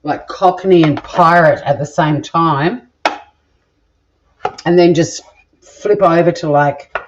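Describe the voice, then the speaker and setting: Slow-paced and medium in pitch, this Australian home cook rambles through a casual cooking vlog in a home kitchen, joking crudely along the way. The sound is lo-fi with background noise.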